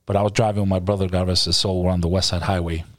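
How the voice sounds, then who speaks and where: Deep-voiced New man hosting. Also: flat delivery, rapid-fire, no room sound, clean studio sound. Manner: conversational, leading questions, talks over guest. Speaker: podcast host. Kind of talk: casual interview.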